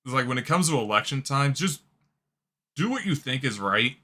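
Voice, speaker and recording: A man's voice: medium pitch, animated, normal speed, sharp tone. A man hosting a reaction video, talking casually, swearing and laughing often. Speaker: host. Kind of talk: reaction commentary.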